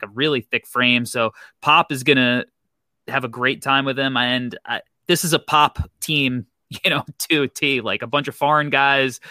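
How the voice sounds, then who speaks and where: Bright, rambling male draft analyst. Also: mid-range voice, no room sound, studio quality. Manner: rambling, lots of "like" and "you know". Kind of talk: casual podcast chat.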